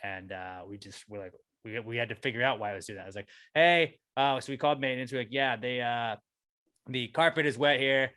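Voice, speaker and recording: A man co-hosting a podcast, telling a long profane rant about his apartment that keeps climbing in pitch when he gets angry. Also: steady tone, fast talker, pushed and bright, no echo. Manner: ranting, profane storytelling, voice rising when angry. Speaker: podcast co-host. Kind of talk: casual chat.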